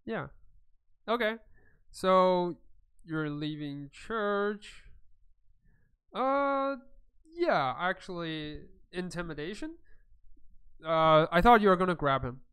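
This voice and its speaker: A man's voice: high-pitched, expressive, takes it slowly, pauses often, fairly bright tone, clear, resonant tone. A man running a tabletop game as its game master, narrating casually with many hesitations. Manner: casual, hesitant, filler-heavy.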